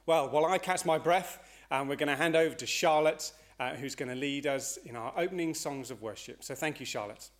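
Breathless church leader, halting. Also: male voice, fairly high pitch. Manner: hesitant, many uhs and ums. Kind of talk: service welcome and notices.

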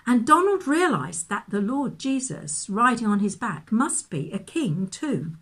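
Slow, husky woman telling a children's story. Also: mid-range voice. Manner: gentle, expressive read-aloud storytelling. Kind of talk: reading a children's Bible story aloud.

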